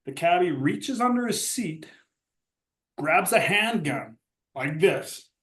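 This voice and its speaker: A man's voice: sits high, animated, slow pace, fairly bright tone, reverberant, recorded from a distance. A man telling a casual story as a guest, rambling and laughing, with lots of fillers. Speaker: guest, former hockey captain.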